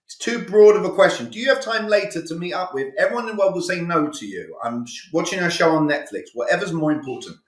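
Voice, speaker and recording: A man's voice: on the high side, animated, fast, few pauses, roomy sound. A male communication coach giving a live online sales training, talking energetically and with emphasis, acting out sales dialogues.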